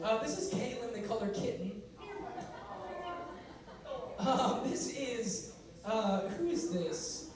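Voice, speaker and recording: A young man speaking as a youth speaker, talking casually and playfully to a live audience in a large hall. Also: sits high. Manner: playful and joking. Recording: echoey hall from far off with audience.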